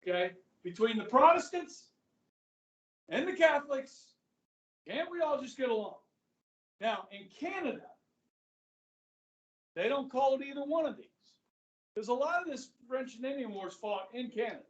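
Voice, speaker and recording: A middle-aged man teaching a high school history class, chatty, quizzing students and saying "okay" often. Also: expressive, moderate pace, pauses often, fairly bright tone, highs cut off. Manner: conversational, asks the class questions, frequent "okay". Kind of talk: classroom lecture. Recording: echoey room, voice from far off.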